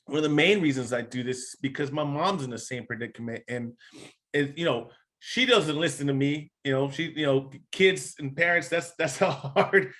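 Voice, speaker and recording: A man's voice: a little high, normal speed, a bit bright. A man hosting a podcast as a gym coach, talking in an earnest, passionate way that turns emotional. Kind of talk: casual podcast interview.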